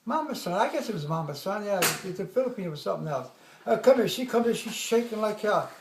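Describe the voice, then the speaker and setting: A man in his eighties tells an old army story in a strikingly high voice, rambling and laughing as he acts out the other people's lines. The sound bounces around an echoey room. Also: lively intonation, fast talker, background noise. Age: 80s. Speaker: army veteran telling war stories. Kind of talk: casual storytelling at home.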